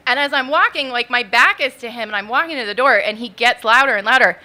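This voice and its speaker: A woman's voice: a little high, quick pace, few pauses, sharp tone. A woman in her thirties telling a true story on stage at a live event, nervous and chatty, with many fillers and "like"s. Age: 30s.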